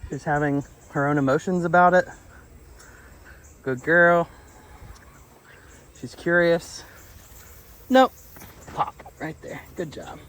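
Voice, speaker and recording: A man working as a dog trainer. He talks outdoors in a relaxed, chatty way, explaining his methods and often praising the dog. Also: on the high side, unhurried, low-quality recording. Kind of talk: casual explanation on a training walk.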